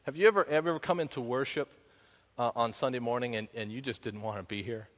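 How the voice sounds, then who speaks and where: A pastor talks fast in a mid-range, fairly bright voice during a casual sermon. He keeps asking "right?" and bursts into fragments of songs. It was recorded in a church sanctuary with long hall reverb.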